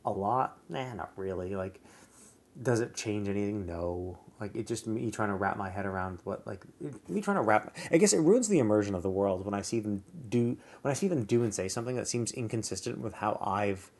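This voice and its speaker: A man's voice: fairly low pitch, lively intonation, brisk, a little mellow. A man streaming a game live, rambling in casual commentary with many fillers, restarts and casual swearing.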